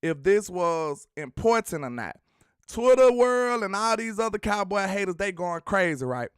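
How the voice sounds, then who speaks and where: A man's voice: sits high, moderate pace, clean tone, no echo, studio quality. A man hosting a sports talk show, chatting casually and teasing viewers as he reads out their comments. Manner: animated, slangy, teasing the chat.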